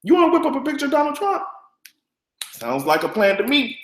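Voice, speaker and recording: A man's voice: very high voice, huge pitch swings, fairly quick, echoey room, rough recording. A man hosting a live-stream gossip show, brash, profane and camp. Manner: brash, profane and camp, with loud cackling laughs. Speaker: vlogger host.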